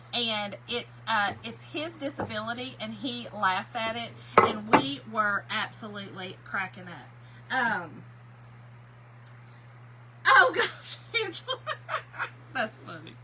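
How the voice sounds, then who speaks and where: A woman's voice: a little high, big pitch swings, measured pace, sharp tone, slight background noise, rough recording. A middle-aged woman, telling a story to her viewers while she paints, laughing often and calling them "y'all". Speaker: craft livestream host.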